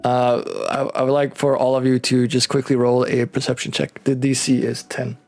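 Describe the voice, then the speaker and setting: A man running a tabletop role-playing game, narrating casually and haltingly. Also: medium pitch, monotone. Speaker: game master.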